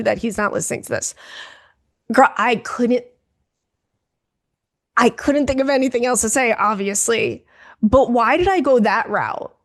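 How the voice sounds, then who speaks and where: A young woman co-hosting a podcast, telling an embarrassing story in casual, gossipy chat and acting out the people in it. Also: fairly high pitch. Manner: gossipy, animated storytelling with quoted voices. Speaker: podcast co-host.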